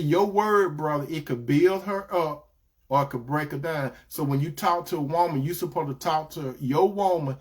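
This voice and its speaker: A man giving Christian relationship advice in a preaching style, repeating his points and calling listeners brothers and sisters. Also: fairly high pitch.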